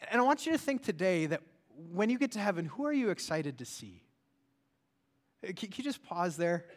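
High-voiced male pastor preaching earnestly. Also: very animated, fairly quick. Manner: earnest, swings from loud to hushed. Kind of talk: sermon.

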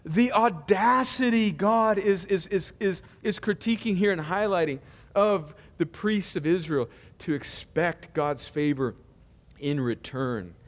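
A pastor preaching a sermon in a loose, conversational style, full of humor and asides. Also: male voice, high voice, unhurried, big-room sound.

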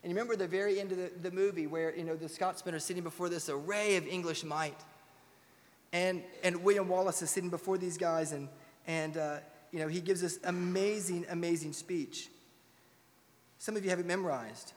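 Impassioned high-voiced male pastor preaching. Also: fairly even intonation, a little fast. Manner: impassioned, rhetorical questions, swings from loud to hushed. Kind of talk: sermon. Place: church sanctuary. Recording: long reverb in a large hall.

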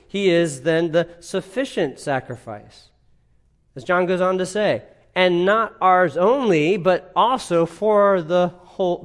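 A male preacher delivering an expository sermon, earnest and emphatic, dropping to a hush on key points. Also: fairly high pitch. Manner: earnest, swings from emphatic to hushed.

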